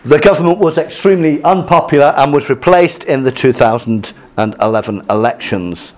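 A man's voice: medium pitch, normal speed. Hesitant male lecturer with many fillers. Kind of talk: lecture with slides.

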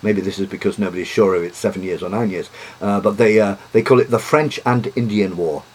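Halting, husky-voiced male history lecturer. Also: lowish voice, a little mellow. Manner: halting, many fillers and restarts.

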